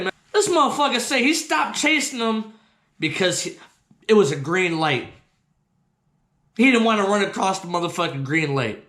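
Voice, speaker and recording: A man hosting his own show, telling a personal story in a profane, slangy, animated way. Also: high-pitched, moderate pace, long pauses. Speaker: host. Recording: roomy echo.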